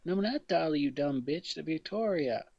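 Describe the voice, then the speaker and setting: Teasing, husky-voiced male podcast host. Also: on the high side, expressive, normal speed, dry recording, highs cut off. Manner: blunt, teasing and profane. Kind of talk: casual comedic chat.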